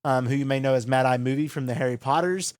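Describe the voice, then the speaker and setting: A man co-hosting a podcast in casual chat, eager and quick to laugh. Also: medium pitch, clean tone, dry recording, clean studio sound. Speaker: podcast co-host.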